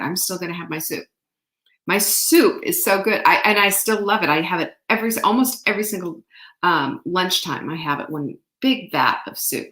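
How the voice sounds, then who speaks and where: A woman's voice: fairly low pitch, a bit bright. A woman in her sixties, a nutritionist, hosting a live question-and-answer show and talking chattily and upbeat to her viewers, teasing them as she goes. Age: 60s. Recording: echoey room.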